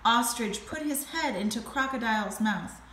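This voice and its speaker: Woman teacher reading a storybook aloud to a class, bright voice, echoey room, faint hiss. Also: on the high side. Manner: slow, expressive reading.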